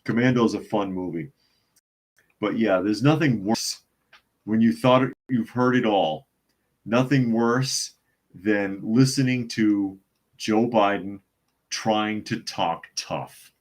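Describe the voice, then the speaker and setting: A man's voice: fairly low pitch, slow. A man hosting a casual live stream, chatting and reading viewer comments aloud between laughs. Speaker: host.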